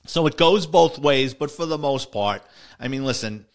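A man's voice: mid-range voice, moderate pace. A middle-aged man, a retired police officer, telling a story in a casual monologue and voicing the people in it. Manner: conversational, voices the people in his story.

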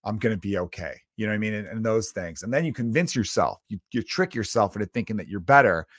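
Profane, animated man ranting solo. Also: on the low side, quick pace, no room sound, studio quality. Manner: profane, animated storytelling with acted inner voices. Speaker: comedian podcast host. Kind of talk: casual solo rant.

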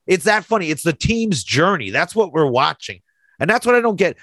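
An excitable man co-hosting a casual chat show, gushing with enthusiasm. His voice is high and swings widely in pitch. The sound is dry and close. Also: brisk, no room sound. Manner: excitable and enthusiastic, lots of fillers.

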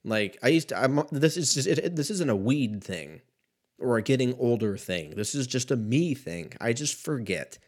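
A man's voice: mid-range voice, lively intonation, moderate pace, a little mellow. A man in his thirties ranting casually about basketball in a rambling, profane, self-mocking way. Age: 30s. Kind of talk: casual solo sports rant.

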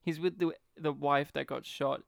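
An excitable man chatting about movies, his smooth voice pitched a little high. He laughs a lot and jumps into quick impressions as he goes. The sound is dry and close, with no room around it. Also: no room sound. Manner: animated, laughs often, acts out scenes in voices. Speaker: podcast co-host. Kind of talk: casual film-review chat.

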